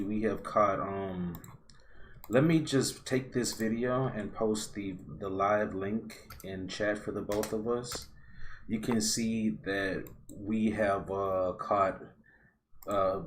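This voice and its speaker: Relaxed, rambling man on a call. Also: fairly low pitch, a little hiss or hum. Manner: relaxed, rambling, loose slangy phrasing. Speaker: podcast host. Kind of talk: casual astrology chat over a live stream.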